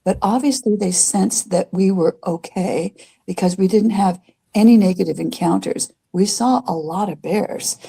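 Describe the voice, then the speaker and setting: Older female guest, mellow voice, rambling storyteller with many fillers. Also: medium pitch, moderate pace, creaky, husky. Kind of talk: casual storytelling chat.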